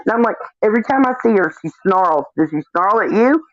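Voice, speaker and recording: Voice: mid-range voice, lively intonation, fast talker, few pauses, fairly bright tone, dry recording. A livestream guest in casual chat, telling stories bluntly and swearing freely. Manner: blunt, profane storytelling. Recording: dull lo-fi stream audio.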